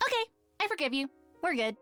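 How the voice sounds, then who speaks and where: A woman's voice: sits high, very animated, fast, pushed and bright, no echo, heavily acted. An actress voicing a sulky, teasing young woman student in a video game, pouty and reproachful. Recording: game audio with faint music.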